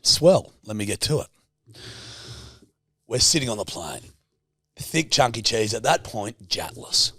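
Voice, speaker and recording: A man's voice: on the low side, expressive, unhurried, long pauses, pushed and bright, no echo, studio quality. A man co-hosting a podcast in casual chat, teasing, swearing freely and laughing often. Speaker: podcast co-host.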